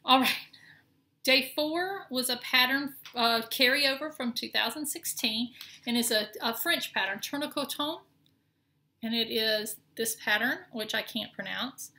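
Her voice is on the high side, unhurried and sharp in tone: a middle-aged Southern woman casually walking through her cross-stitch projects. The talk is chatty and a bit rambling, with frequent ums and restarts.

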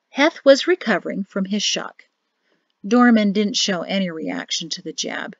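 A woman author reading her own novel aloud in steady audiobook narration. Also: mid-range voice, measured pace, vocal fry, no echo. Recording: dull lo-fi dry audio.

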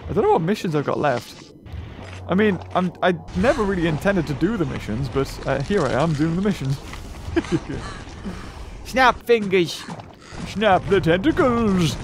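Excitable man narrating gameplay. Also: fairly high pitch, background noise. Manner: excitable, talks to the game, yelps and laughs. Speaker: gaming channel host. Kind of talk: casual gameplay commentary. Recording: game music under the voice.

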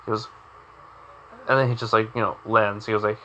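A man's voice: medium pitch, fairly even intonation, moderate pace, bright, forceful tone, a little hiss or hum. A young man casually retelling a fan story with lots of fillers, like and you know.

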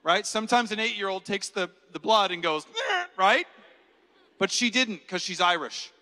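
A man giving a keynote talk, telling stories with lively acted-out voices. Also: high voice, brisk. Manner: animated storyteller acting out quoted voices. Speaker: keynote speaker. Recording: large hall reverb.

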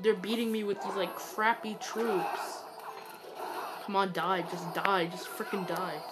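A woman giving excitable, ranting commentary while playing a mobile game, swinging between yelling and muttering. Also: mid-range voice, measured pace. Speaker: gaming YouTuber. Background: loud game music.

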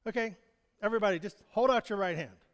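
A man's voice: high-pitched, fast. A man preaching a sermon to his congregation, speaking in a conversational way, chuckling often and putting questions to the people in the pews. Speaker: pastor. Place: church sanctuary. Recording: long hall reverb.

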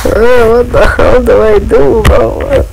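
Slow, gravelly jittery gamer right on the mic. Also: medium pitch, flat delivery, background noise. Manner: jittery, keeps exclaiming in dread. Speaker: gameplayer. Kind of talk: horror gameplay commentary. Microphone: pressed right up to the mouth.

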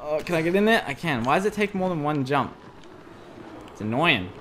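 A man talks through a zombie game demo on a desk microphone, reacting loudly to every scare. His voice sits high and bright, swinging widely in pitch with slow, drawn-out delivery between sudden squeals. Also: a little hiss or hum. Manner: excitable, yelps and squeals when scared. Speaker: gameplay commentator. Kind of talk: let's play commentary. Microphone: desk USB microphone.

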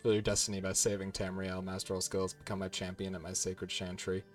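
A man with a fairly low voice talks his way through a game in a loose, chatty commentary. He laughs often and swears when things go wrong, with faint music underneath. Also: monotone, fairly quick. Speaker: gaming channel host. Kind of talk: casual gameplay commentary.

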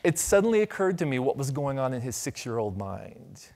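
A man's voice: medium pitch, a little fast, creaky. A middle-aged man from Ohio giving a conference keynote, telling stories with humor and asking the audience questions. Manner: animated storytelling, audience asides, light humor. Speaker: conference speaker. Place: conference stage.

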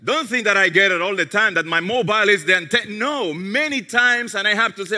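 A man's voice: high-pitched, expressive, brisk, hardly any pauses. Man preaching in an echoing hall. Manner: storytelling, drops to soft tones for quoted prayers. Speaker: pastor. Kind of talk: sermon. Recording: long hall reverb.

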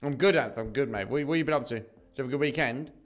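A man's voice: mid-range voice, quick pace. A young English man from southeast England, chatting casually with viewers on a slots live stream and calling them mate and bro.

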